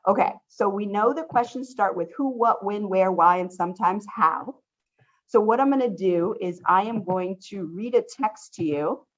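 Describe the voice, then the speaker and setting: A woman's voice: medium pitch, normal speed. A woman instructor leading an online study workshop, upbeat and encouraging, often saying how much she loves her students' questions. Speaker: college instructor. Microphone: video call. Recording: dull lo-fi video call audio.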